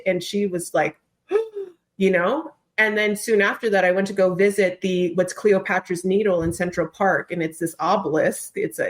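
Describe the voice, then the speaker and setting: A woman, a trained actor, who is a podcast guest, telling a story in casual, expressive chat and swearing now and then. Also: mid-range voice.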